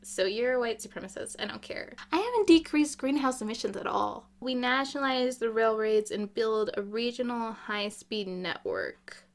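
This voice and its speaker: Gaming vlogger, woman, a bit high voice, opinionated and chatty. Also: very animated, normal speed, gravelly, hardly any pauses. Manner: opinionated, chatty, jokey asides. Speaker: gaming YouTuber. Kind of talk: casual gameplay commentary.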